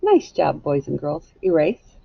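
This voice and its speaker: A woman teacher giving a patient, clearly paced phonics lesson to young children. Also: sits low, huge pitch swings, a little slow, highs cut off.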